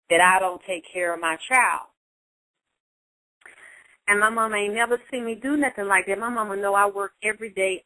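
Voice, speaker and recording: A woman's voice: medium pitch, sharp tone, lightly acted, low-quality recording. A woman voicing a grown daughter who pleads and stammers as she complains about her mother.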